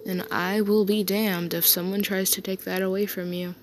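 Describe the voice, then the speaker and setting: A woman's voice: mid-range voice, little pitch movement, slight background noise, natural voice. A woman playing Kita, a tender boyfriend. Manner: tender, unhurried and reassuring. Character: affectionate young man soothing his partner to sleep. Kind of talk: soft comfort role-play to the listener.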